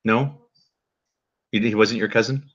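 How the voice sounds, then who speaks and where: Low-voiced man, halting casual commentary. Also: steady tone, fairly bright tone, highs cut off. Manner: halting, with many restarts and fillers. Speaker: video commentator.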